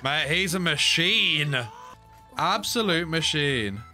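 A young man giving excitable casual reaction commentary, often laughing. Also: fairly high pitch, slow, soft background music. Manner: excitable, frequent laughter and "mate". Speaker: anime reaction host.

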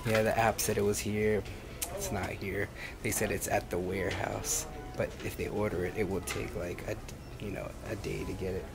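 A man with a rough, gravelly voice, chatting in a laid-back, rambling way for a vlog while out shopping. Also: lowish voice, level tone, normal speed, over music. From Hawaii. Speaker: vlogger. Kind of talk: casual vlog chat. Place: car and a big-box store.

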